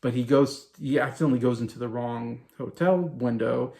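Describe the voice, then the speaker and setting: A man's voice: mid-range voice, normal speed, creaky, dark tone. A man around forty giving a casual, rambling review of a TV show, full of fillers and little chuckles. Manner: rambling, loose retelling with many fillers and chuckles.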